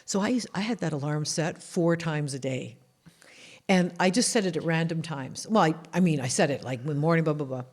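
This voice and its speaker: A woman from Canada, talking in a casual interview as an author and guest, telling animated stories and acting out the voices of the people in them. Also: deep voice, a little fast. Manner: animated storyteller who acts out quoted voices.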